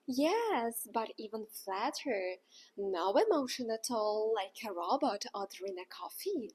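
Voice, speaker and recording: A woman teaching in a scripted lesson, acting out each sound with exaggerated pitch. She speaks slowly, and her breathy voice sits on the higher side. Her intonation swings widely. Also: very animated, darkish tone. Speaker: language teacher.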